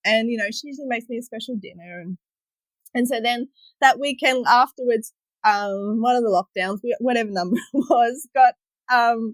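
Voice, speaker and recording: A woman in her thirties talks through stories with a bright laugh never far away. Her voice sits a little high. The sound is close and dry. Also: no room sound. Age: 30s. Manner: chatty storyteller, laughs often. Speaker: podcast guest. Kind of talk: casual chat.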